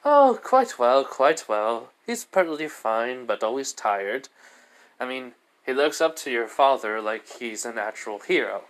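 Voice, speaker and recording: A man's voice: mid-range voice, big pitch swings, unhurried. A man voicing a small non-human male school principal who talks in a polite, formal, praising way. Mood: kindly. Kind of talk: amateur fan story narration.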